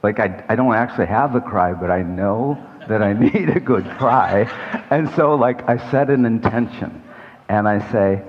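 Low-voiced older man preaching in an echoey hall. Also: normal speed. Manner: conversational, rambling, self-deprecating asides. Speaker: pastor. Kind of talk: sermon. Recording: echoey hall, dull lo-fi sound.

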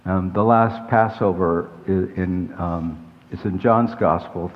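An older man delivers a sermon in a low voice, drifting into loose, self-deprecating asides as he talks. His voice rings with a long reverb off the walls of a church hall. The sound is dull and lo-fi. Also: takes it slowly. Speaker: pastor.

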